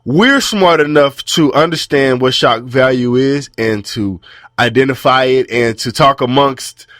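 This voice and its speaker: A man's voice: mid-range voice, unhurried, no echo, clean studio sound. A man co-hosting a radio talk show, ranting in casual chat with lots of swearing. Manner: animated, swears a lot, rants.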